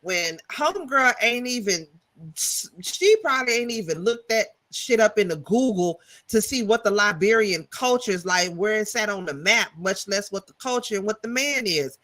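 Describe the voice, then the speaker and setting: A woman's voice: medium pitch, lively intonation, moderate pace, fairly bright tone. A woman co-hosting a live TV review, talking in a sassy, blunt, slangy way. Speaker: co-host, TV reviewer. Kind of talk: casual live TV review chat.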